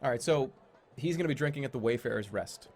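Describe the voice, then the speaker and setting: A man's voice: medium pitch, animated, fast talker. A young man streaming a text adventure game, chatting casually and joking at his own expense. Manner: casual, self-mocking, laughs at his own voices.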